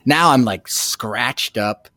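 Animated man telling a story. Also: medium pitch, slow, no echo, clean studio sound. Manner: animated, dramatic retelling with restarts. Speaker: podcast guest. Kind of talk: storytelling anecdote.

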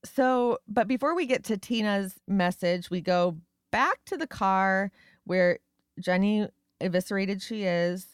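A woman's voice: medium pitch, clear, resonant tone, dry recording, clean studio sound. Wry joking woman podcast co-host. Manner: wry, joking, quick asides. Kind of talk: casual recap chat.

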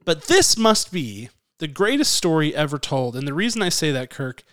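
A man co-hosting a casual podcast, his voice a touch high with a smooth, clear tone. He jokes and rants in a lively way, recorded close and dry with no room sound. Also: moderate pace, dry recording. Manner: animated, joking, rant-prone. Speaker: podcast co-host.

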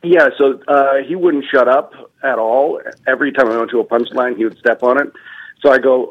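A young male comedian telling stories on a podcast with a dry, self-deprecating deadpan. His voice sits at an average pitch. The audio is dull and lo-fi. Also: moderate pace. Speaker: comedian guest. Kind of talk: casual podcast chat, storytelling. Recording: dull lo-fi sound.

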